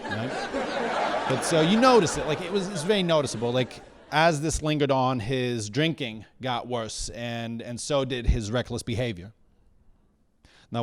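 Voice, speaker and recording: A man's voice: medium pitch, no room sound. A man doing a stand-up comedy routine in a small comedy bar, telling stories in a wry, rambling way and often correcting himself mid-sentence.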